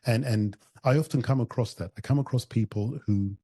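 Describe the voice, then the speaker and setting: A man's voice: mid-range voice, a little fast, warm tone, breathy edge, no echo. A man hosting a podcast interview, thoughtfully recounting what others told him and asking his guest questions. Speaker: podcast host.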